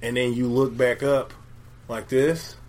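A man's voice: medium pitch, flat delivery, a little slow, darkish tone. Playful joking man co-hosting. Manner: playful, joking, slangy banter. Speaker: podcast co-host. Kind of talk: casual comedic sports chat. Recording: faint background noise.

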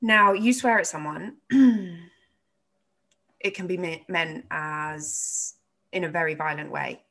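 A woman's voice: low voice, fairly even intonation, slow, creaky, sharp tone. A woman who teaches yoga, co-hosting a casual chat, swearing freely and laughing often. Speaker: podcast co-host, yoga teacher.

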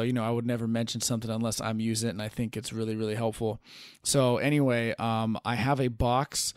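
A young man hosts a casual podcast, chatting in a relaxed, upbeat way with lots of ums. His voice sits in an ordinary middle register. The sound is dry and close. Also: medium pitch, no room sound. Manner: laid-back, filler-heavy, upbeat. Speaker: podcast host. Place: outdoors in a park under a tree.

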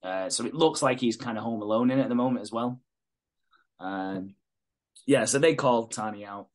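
A man's voice: mid-range voice, normal speed. A man hosting a podcast, casually recapping a TV episode and acting out the characters' lines with plenty of swearing. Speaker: podcast host.

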